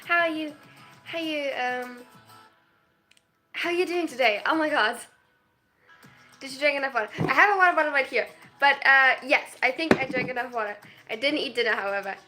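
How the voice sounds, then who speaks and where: Soft background music accompanies a high-pitched, pushed and bright female voice. She's in her twenties, chatting on a relaxed livestream, flustered and prone to stopping mid-sentence with a laugh.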